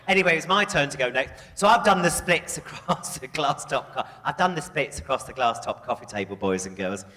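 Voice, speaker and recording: A man's voice: a little high, very animated, fairly quick, hardly any pauses. A man doing bawdy stand-up as a drag comedian in a live club, crude and brash with the crowd. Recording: live club recording with loud crowd and echo.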